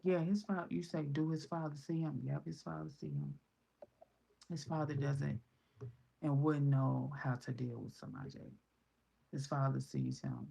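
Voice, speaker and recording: A woman's voice: extremely low pitch, steady tone, unhurried, gravelly, pauses often, mellow, husky. A mother in her thirties with a Chicago accent, talking in a casual, blunt, profane vlog and quoting other people in raised voices. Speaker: vlogger.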